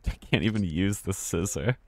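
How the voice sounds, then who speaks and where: A man's voice: deep voice, normal speed. An American man giving live, chatty commentary while streaming a horror game, often restarting words and swearing casually. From United States.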